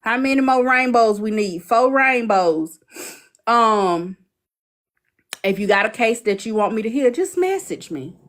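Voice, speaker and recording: Slow-talking woman hosting a live stream. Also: a little high, a bit bright. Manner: chatty, teasing, drawn-out asides. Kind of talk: casual live-stream chat.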